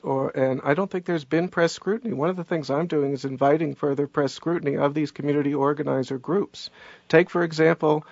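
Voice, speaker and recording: Insistent gravelly-voiced male guest. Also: on the high side, a little mellow, no room sound, muffled recording. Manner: insistent, argumentative. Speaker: author guest. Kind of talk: radio interview.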